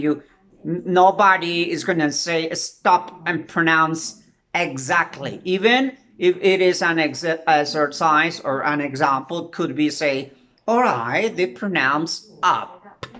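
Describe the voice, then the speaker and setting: Slow-talking Colombian woman teaching English. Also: low voice, fairly bright tone. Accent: Colombian Spanish. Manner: halting, repeats words and drills sounds slowly. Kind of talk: recorded English lesson for students.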